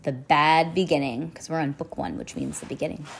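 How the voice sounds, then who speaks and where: A woman reading a novel aloud, expressive, with occasional slips and restarts. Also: low-pitched, fairly quick, creaky, breathy edge. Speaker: reader.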